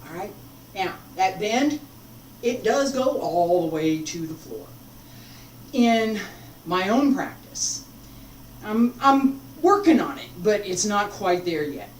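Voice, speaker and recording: A woman teaching a martial arts form, talking slowly and stopping to demonstrate moves. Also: mid-range voice, big pitch swings, a little hiss or hum. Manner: unhurried, breaks off mid-demonstration. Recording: echoey room, mic far off.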